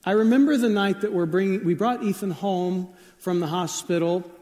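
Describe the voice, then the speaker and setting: A man in his forties giving a conversational sermon, telling stories in a relaxed way with fillers and asides. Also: high voice, moderate pace. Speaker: pastor. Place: church sanctuary. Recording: long hall reverb.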